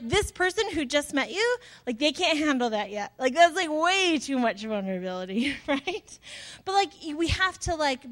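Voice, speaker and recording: Woman, 30s, pastor, casual sermon, chatty, self-deprecating, fairly high pitch.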